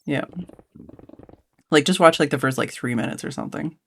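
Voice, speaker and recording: A woman's voice: deep voice, moderate pace. A woman streamer chatting casually on a live stream, rambling and giggly, full of fillers and restarts. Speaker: streamer host.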